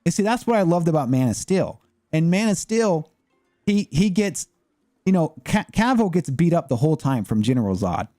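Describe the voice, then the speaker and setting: A man's voice: fairly high pitch, big pitch swings, moderate pace, mellow, no echo, studio quality, faint music behind. A man chatting casually as a gaming streamer, rambling and opinionated with lots of fillers. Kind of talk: casual chat.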